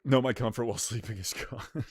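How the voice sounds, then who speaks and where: A man's voice: a little fast, slightly rough, no echo, clean studio sound. A male streamer in casual chat with his viewers, rowdy, jokey and profane, bursting into rants. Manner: rowdy, profane and jokey, ranting with pitch jumps.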